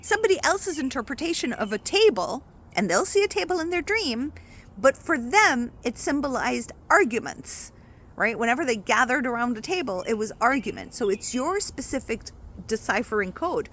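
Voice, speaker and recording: A woman spiritual coach talking casually to her viewers in an expressive, chatty way, often checking in with "right?". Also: high voice, normal speed. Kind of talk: casual spiritual talk to camera.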